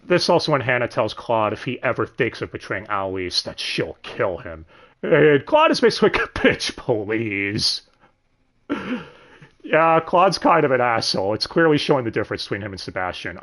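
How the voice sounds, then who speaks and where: A man hosting a casual, profane review of an anime dub, sardonic and quick to laugh. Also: lowish voice, very animated, a bit bright. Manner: sardonic, swears freely, laughs often.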